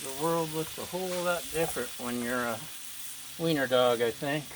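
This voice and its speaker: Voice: mid-range voice, normal speed. A home cook vlogger giving playful, chatty cooking commentary outdoors, talking to the dogs now and then. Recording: loud sizzling griddle noise behind.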